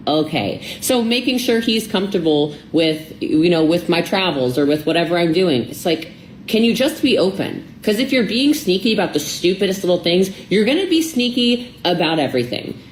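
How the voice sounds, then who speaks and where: A woman guest on a podcast tells a rambling personal story and acts out bits of dialogue. Her voice sits low but swings widely up and down. The sound is roomy, with faint ambient noise behind her. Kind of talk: casual podcast conversation.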